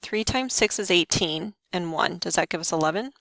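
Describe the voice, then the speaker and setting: A woman teaching a math lesson, talking students through each step with quick questions to the class. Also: fairly low pitch, expressive, vocal fry, fairly bright tone, a little hiss or hum. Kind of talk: lesson walkthrough.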